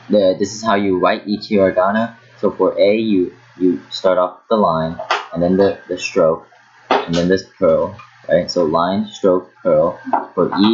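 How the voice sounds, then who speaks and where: A man giving a casual online lesson, often stopping and repeating words as he demonstrates pronunciation, with a hair dryer running in the background. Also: deep voice. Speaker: language teacher. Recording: dull lo-fi sound with hair dryer noise behind. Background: hair dryer noise.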